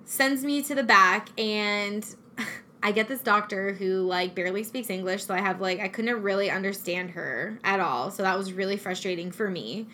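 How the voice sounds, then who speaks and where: A woman's voice: medium pitch, moderate pace, slight background noise. A young woman telling a personal story in casual chat, acting out what people said. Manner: animated storytelling, acting out quotes.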